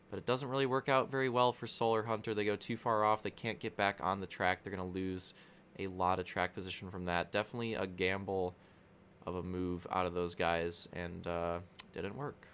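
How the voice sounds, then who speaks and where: A man's voice: low-pitched, level tone, normal speed, a bit bright, a little hiss or hum. A young man giving casual, joking commentary on a video game race, rambling into crude asides.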